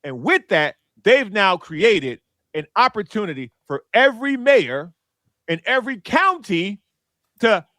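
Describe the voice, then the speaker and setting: A man from Chicago on a sports podcast, telling a story in a lively, mocking way and doing little impressions of people. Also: high voice, no room sound, studio quality. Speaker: podcast panelist. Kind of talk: casual sports chat.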